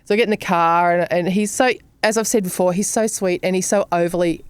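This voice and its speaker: A middle-aged woman, a podcast co-host telling an animated story, swearing and acting out the voices of others. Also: lowish voice, a little fast, smooth, no echo. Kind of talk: casual chat.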